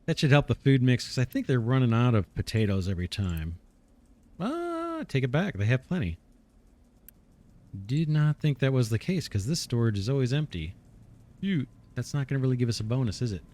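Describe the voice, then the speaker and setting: A man at a middle pitch narrates his own gameplay, musing and correcting himself as he plans. His voice sounds a little worn, as if he is starting to lose it. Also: expressive, a little fast, warm tone. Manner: thinking aloud, musing and self-correcting. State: slightly losing his voice. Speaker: let's play host. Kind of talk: casual gameplay commentary.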